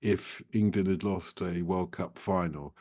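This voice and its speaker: A man's voice: low voice, measured pace, mellow. Chatty, playful male podcast host. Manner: chatty, playful, laughs easily. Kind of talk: podcast conversation.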